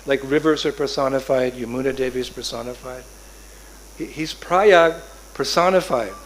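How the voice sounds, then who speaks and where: A man preaching a sermon as an animated storyteller, narrating a sacred story and acting out its voices. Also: medium pitch, moderate pace, a little hiss or hum.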